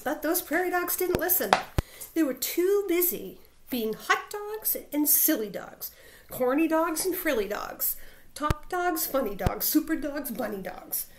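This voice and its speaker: A woman teacher reading a picture book aloud to her school, expressive, with dramatic sound words. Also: high voice, a little slow, background noise.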